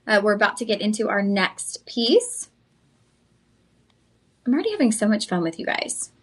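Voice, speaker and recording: A young woman, hosting a live shopping channel and pitching jewelry with chatty enthusiasm straight to viewers. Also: sing-song, normal speed.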